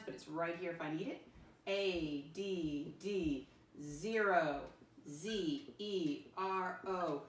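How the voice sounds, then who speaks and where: A woman teacher leading a first-grade math lesson, with a sing-song manner and slow letter-by-letter spelling. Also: lowish voice, fairly bright tone, distant mic, a little hiss or hum. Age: adult with a son. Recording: echoey room, voice off-mic.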